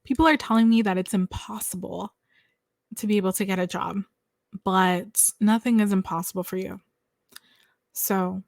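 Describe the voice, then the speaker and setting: A young woman guesting on a podcast tells her own story, speaking in a mid-range voice with no room sound. She's animated, talks with her hands, and acts out the voices of the people she quotes. She's recorded on a lavalier mic.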